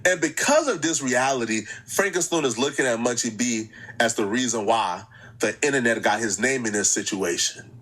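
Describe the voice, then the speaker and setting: A young man hosting a reaction channel, giving mocking, animated commentary on clips. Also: mid-range voice, normal speed.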